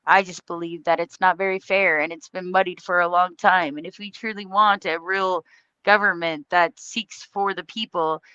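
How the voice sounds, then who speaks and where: A woman's voice: fairly low pitch, steady tone, moderate pace, pushed and bright, clean tone, no room sound, highs cut off. An American woman hosting a livestream, delivering a heated, profane political rant with blunt emphasis. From United States. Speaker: livestream host.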